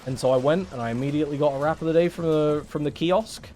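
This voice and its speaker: A man's voice: a little high, fast talker, darkish tone, slight background noise. Sarcastic young English man streaming. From England. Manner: rambling, sarcastic, swears often. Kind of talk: casual livestream chat.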